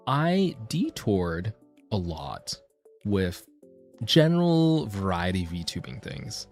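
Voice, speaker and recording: Lively low-voiced man chatting on stream. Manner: animated, rambling, self-deprecating. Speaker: VTuber streamer. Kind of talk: casual chat stream.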